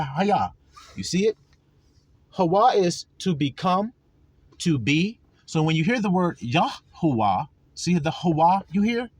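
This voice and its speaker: A man's voice: high-pitched, no echo. A man giving sermon-style teaching, emphatic, drawing out key words and asking his listeners again and again if they see it. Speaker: religious teacher.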